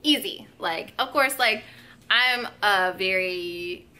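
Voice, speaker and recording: A woman's voice: medium pitch, takes it slowly, sharp tone. A young woman vlogging at home, telling a story in a casual, emotional way, full of "um" and "like". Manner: emotional, lots of fillers like "um" and "like".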